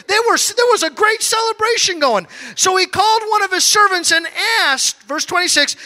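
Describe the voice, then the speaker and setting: High, bright-voiced preacher in a reverberant hall. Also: male voice. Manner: swings from shouting to low asides. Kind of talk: sermon.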